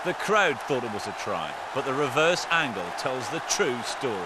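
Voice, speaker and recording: A man presenting rugby clips in lively, boisterous commentary, breaking into shouts. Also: medium pitch, moderate pace, a loud crowd, very noisy.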